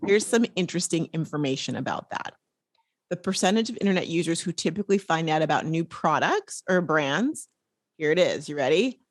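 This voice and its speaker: A woman hosting a podcast, chatting casually and playfully, with quick asides. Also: deep voice, expressive, dry recording, clean studio sound. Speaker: podcast host.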